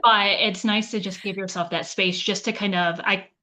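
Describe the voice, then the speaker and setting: A woman's voice: medium pitch, fairly even intonation, moderate pace, pushed and bright. A woman hosting an interview podcast, affirming her guest and then posing questions in an encouraging way. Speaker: podcast host. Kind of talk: conversational interview.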